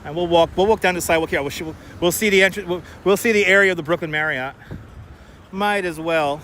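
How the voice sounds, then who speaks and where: A man hosting a live walking stream, talking casually and joking with his viewers as he strolls. His voice sits high for a man. He uses a clip-on wireless mic, with loud traffic and street noise all around. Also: quick pace. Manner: chatty and joking, answers viewers by name. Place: outdoors on busy city streets and bridges.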